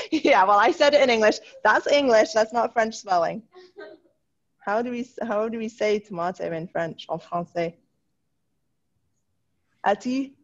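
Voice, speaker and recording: A woman teaching a French class online, encouraging her students and slowing down to model the French words. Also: fairly high pitch, dull audio. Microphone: video call.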